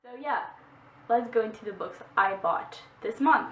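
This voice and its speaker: A woman's voice: a little high, normal speed, loud music behind the voice. A young woman with a Québécois French accent, French her first language, chatting casually about her books with lots of "like". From Quebec, Canada. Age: young adult. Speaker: booktuber. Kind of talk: casual book haul vlog. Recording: echoey room, distant mic.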